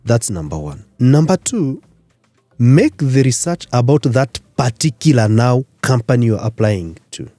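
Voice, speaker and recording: A man from Rwanda, a career expert guest on a radio interview, explaining in numbered points with lively emphasis. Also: mid-range voice, a little slow, no room sound, faint music behind. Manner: animated, lecturing in numbered points. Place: radio studio.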